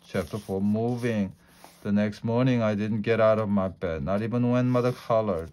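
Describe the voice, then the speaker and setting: Guy reading a kids' story out loud, lowish voice, relaxed, few slips. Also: normal speed. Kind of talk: reading a children's book aloud.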